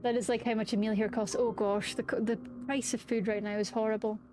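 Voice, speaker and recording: A woman's voice: fairly high pitch, level tone, brisk. A young woman chatting casually with her viewers, bubbly and giggly. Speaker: streamer. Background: background music.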